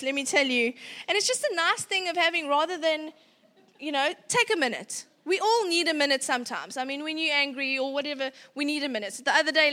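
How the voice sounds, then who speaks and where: Bright, high-voiced South African woman. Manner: animated, laughing, acts out dialogue. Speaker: parenting educator. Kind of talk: casual storytelling talk.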